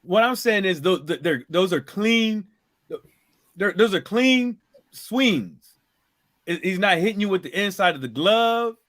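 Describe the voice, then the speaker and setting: Insistent high-voiced man. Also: animated, measured pace, a bit bright. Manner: emphatic, insistent, keeps saying "you know what I'm saying". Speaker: panel guest. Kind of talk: casual panel chat.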